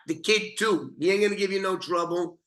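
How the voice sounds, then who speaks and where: A man's voice: high voice, a little fast, fairly bright tone, voice pushed up. A man doing a cold, offhand client ordering a hit. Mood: callous. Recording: roomy echoey room.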